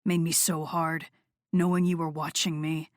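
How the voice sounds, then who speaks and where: A woman voicing a seductive, commanding male rock star in a low, murmuring, dominant tone in an audiobook. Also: level tone, moderate pace, no room sound, clean studio sound, lightly acted. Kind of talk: audiobook character voice.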